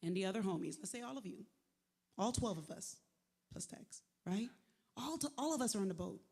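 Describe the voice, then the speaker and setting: A woman giving a live motivational faith talk, conversational and lively, with slangy asides to the crowd. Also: mid-range voice, a little fast, gravelly, breathy edge. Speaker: speaker at a faith event. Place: large venue, live event. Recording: echoey hall with long reverb.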